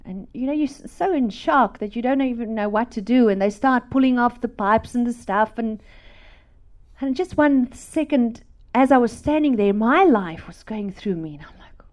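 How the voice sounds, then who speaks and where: Woman preaching her testimony, hushed then emphatic. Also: fairly high pitch, normal speed. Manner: drops to hushed whispers, then rises to emphatic repetition. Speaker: Christian speaker giving a testimony. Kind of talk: emotional testimony sermon.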